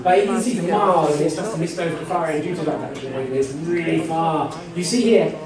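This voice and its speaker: A man's voice: on the high side, quick pace, hardly any pauses. A man running a live text-adventure game for a convention audience, rambling and joking with lots of "you know" asides. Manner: jokey and rambling, full of "you know" asides, laughing often. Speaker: game master. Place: convention panel room with an audience. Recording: echoey hall, far from the mic, crowd noise.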